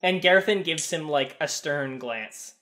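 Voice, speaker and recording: Male game master, higher voice, halting delivery with many restarts. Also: bright, forceful tone. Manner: halting, stammering narration with repeated restarts. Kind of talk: narrating a tabletop game.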